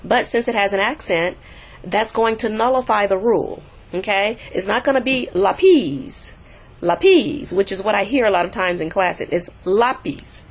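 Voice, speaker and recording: A woman teaching a recorded language lesson, patiently repeating example words slowly to show the stress. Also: medium pitch. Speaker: Spanish teacher.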